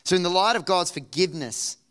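A man preaching a sermon as pastor, expressive, dropping soft and low then rising to emphatic points. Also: a little fast, clean tone.

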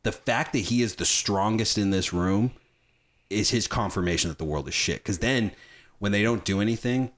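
This man hosts a podcast, chatting casually about films with profane, animated enthusiasm. He speaks at normal speed in a voice on the low side.

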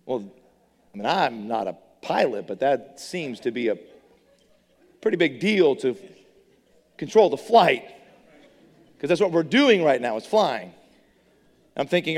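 A middle-aged man giving a sermon testimony, telling his story with animated energy and tripping over repeated words. His voice sits at a middle pitch, and a long reverb trails each phrase through a big hall. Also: slow pace, pauses often. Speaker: preacher.

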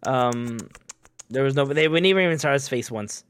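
A man's voice: mid-range voice, moderate pace, clean tone, no room sound. Laid-back man, dry close sound. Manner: laid-back, swears casually, mimics characters. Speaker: podcast co-host. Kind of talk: casual video game discussion.

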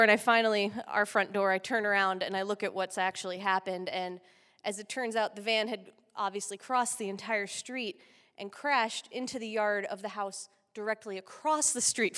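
A woman telling a personal story with lively delivery, vocal sound effects and bursts of laughter. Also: medium pitch. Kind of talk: personal story told live. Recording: long hall reverb.

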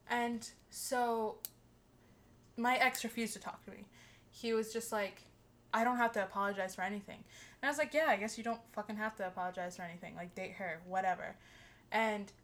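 A young woman casually telling a friend a story, animated, swearing freely and laughing as she talks. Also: mid-range voice. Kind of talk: casual chat.

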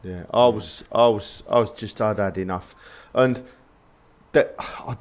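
A man's voice: lowish voice, a little slow. A man, co-hosting a casual podcast chat, blunt and swearing as he works himself up into angry rants. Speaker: podcast co-host.

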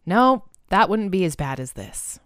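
A woman doing comic mock-news field reports in a chatty, playful way. Her voice is smooth and clear, with dry, close sound. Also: medium pitch, very animated, measured pace, fairly bright tone, no echo. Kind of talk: comic in-character banter.

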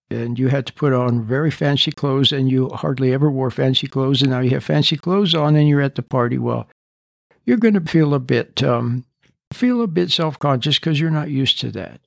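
A man's voice: on the high side, vocal fry, dry recording, clean studio sound. A man hosting a podcast, speaking off the cuff and plain-spoken, often repeating his key points. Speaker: podcast host. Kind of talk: unscripted advice talk.

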